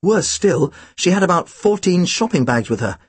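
Brief: expressive first-person narrator for a storybook, breathy, very animated. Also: mid-range voice, normal speed, dry recording. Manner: lively, expressive reading. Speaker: audiobook narrator.

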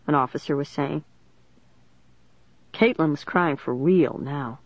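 A woman narrating an audiobook in a steady, clear storytelling manner. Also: low voice, unhurried, no room sound. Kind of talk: scripted narration. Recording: dull, dry studio recording.

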